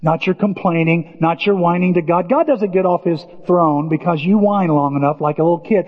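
Older man, pastor preaching, high voice, long hall reverb, dull muffled sound. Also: quick pace. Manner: impassioned, rising to shouts, with folksy asides. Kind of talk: sermon.

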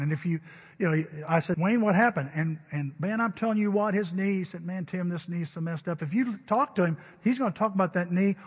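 A man preaching a sermon, telling stories in an animated way and acting out what people said, sometimes crying out. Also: high-pitched, breathy edge, long reverb tail. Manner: animated, acts out quotes and cries out. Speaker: pastor. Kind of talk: sermon with storytelling.

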